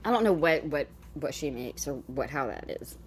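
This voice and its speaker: A woman's voice: low voice, animated, moderate pace, very noisy. A woman chatting casually as she reacts to a video clip, exclaiming and laughing between remarks.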